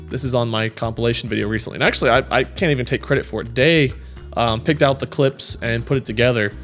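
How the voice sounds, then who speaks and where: A man's voice: medium pitch, fairly even intonation, a little fast, soft background music. A man reading viewer comments aloud and chatting casually, in a rambling, self-deprecating way with many fillers. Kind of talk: casual chat.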